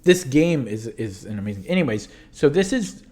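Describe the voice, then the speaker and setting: Hoarse man in casual stream commentary. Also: mid-range voice, very animated, moderate pace, a little mellow. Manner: rambling and self-correcting, often trailing off. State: losing his voice. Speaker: chess streamer reviewing his tournament games.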